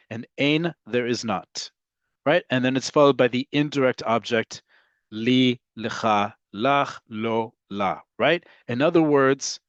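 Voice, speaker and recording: A man teaching a language lesson from slides, often checking in with his listeners and pushing key words up in pitch and volume. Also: no room sound. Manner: checks in often with "right?" and "okay?"; stresses words with sudden jumps in pitch and loudness. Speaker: Hebrew teacher. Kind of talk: slide lecture. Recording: dull, dry lo-fi recording.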